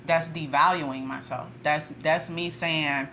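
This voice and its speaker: A woman's voice: deep voice, measured pace, a bit bright, slight background noise. A woman tarot reader ranting in a casual monologue, blunt and profane, with frequent laughter.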